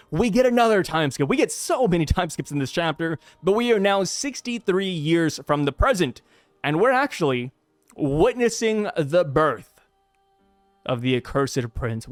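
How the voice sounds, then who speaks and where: A man hosting his own manga review videos, talking casually with excitable, slangy asides. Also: on the high side, no room sound. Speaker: manga review channel host.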